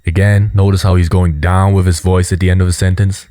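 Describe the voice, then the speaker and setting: A man hosting a casual video commentary, explaining at an easy pace and filling his talk with "you know" and "right". His voice sits low and sounds dry and close. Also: fairly quick, few pauses, no room sound. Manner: relaxed, explanatory, many fillers. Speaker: host.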